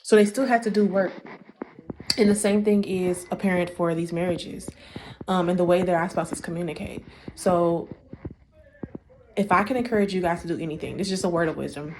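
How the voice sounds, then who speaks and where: A young woman, talking about faith and marriage in a casual preaching way, animated and full of repeats. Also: lowish voice, brisk, slight background noise.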